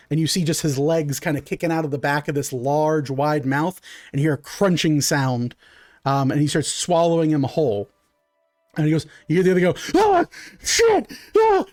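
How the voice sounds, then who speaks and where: A man's voice: fairly high pitch, darkish tone, dry recording, studio quality. A man running a tabletop game as game master, narrating in a loose, chatty way with lots of fillers.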